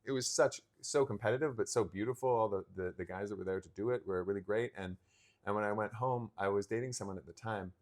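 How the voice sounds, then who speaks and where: Low-voiced man telling a story animatedly. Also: quick pace. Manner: animated storyteller, acting out remembered dialogue. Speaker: podcast co-host. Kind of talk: casual chat.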